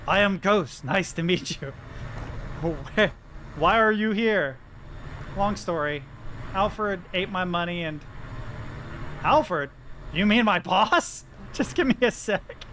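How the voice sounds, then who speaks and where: A young man livestreaming gameplay and talking to his chat, excitable, yelling then muttering to himself. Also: sits high, takes it slowly, long pauses, a little hiss or hum. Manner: excitable, yelling, swings between shouting and muttering. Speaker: game streamer. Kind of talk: live-streamed gameplay commentary.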